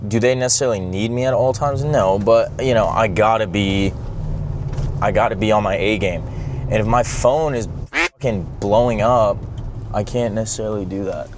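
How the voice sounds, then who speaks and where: Young man, low voice, casual vlog, profane, rambling, in a car, faint engine noise. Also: normal speed. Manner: blunt, profane, rambling, says bro a lot. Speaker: vlogger. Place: in a car, driving.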